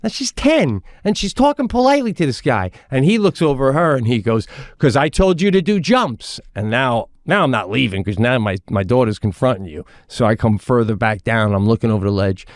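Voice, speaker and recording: A man's voice: mid-range voice, brisk, hardly any pauses, no room sound, studio quality. A middle-aged man co-hosting a podcast, telling a funny story and acting out the people in it. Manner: animated storyteller who acts out the people in his stories. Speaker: podcast co-host. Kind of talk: comedic storytelling chat.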